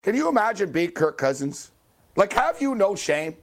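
A man hosting a late-night sports talk radio show, ranting angrily and swearing at athletes, with loud high-pitched outbursts. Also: big pitch swings, moderate pace. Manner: angry, swearing, heckling athletes by name.

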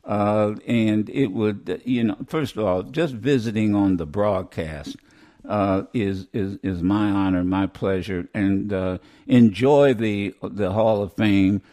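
A man's voice: fairly low pitch, slow pace, dark tone. A man hosting a radio show, chatting casually and rambling with many restarts. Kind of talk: casual on-air chat.

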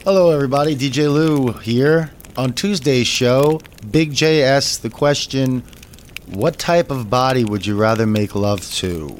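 A man introducing a podcast episode in a slow, drawn-out delivery. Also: medium pitch, slight background noise. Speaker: show producer introducing the episode.

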